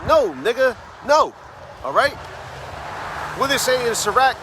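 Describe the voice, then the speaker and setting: High-pitched guy preaching on the street, fired up, keeps saying man and all right, a little traffic noise behind. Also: sing-song, pushed and bright. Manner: fervent, fills phrases with "man" and "all right?"; reads scripture slowly and emphatically. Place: outdoors on a city street.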